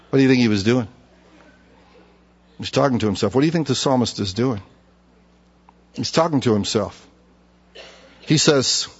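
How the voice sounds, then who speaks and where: A middle-aged man preaching a sermon with humor, acting out conversations with himself in an animated way. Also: a little high, normal speed, lo-fi sound. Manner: animated, humorous, acts out inner dialogue. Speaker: pastor.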